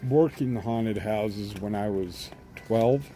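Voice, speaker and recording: Rambling low-voiced man chatting on a live stream. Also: takes it slowly, warm tone. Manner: rambling, with frequent uh's and restarts. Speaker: independent scanner-chasing reporter. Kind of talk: casual chat on a live stream. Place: outdoors at a haunted house attraction. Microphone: handheld phone camera.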